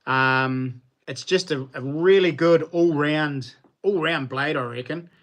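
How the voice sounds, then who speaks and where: A man's voice: on the high side, takes it slowly. Chatty New Zealand man on a livestream. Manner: relaxed, chatty, colloquial, many fillers. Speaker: knife maker hosting a livestream. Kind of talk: casual livestream chat answering viewers.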